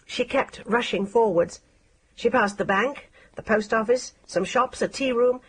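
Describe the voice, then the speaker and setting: A woman narrating an audiobook in a measured, expressive reading style. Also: a little high, slight background noise.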